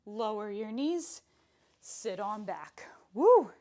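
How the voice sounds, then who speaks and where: Young woman as a live pilates instructor: slow, chatty and playful delivery, a touch breathless during the holds. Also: fairly high pitch. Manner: chatty and playful, counts reps aloud, laughs often.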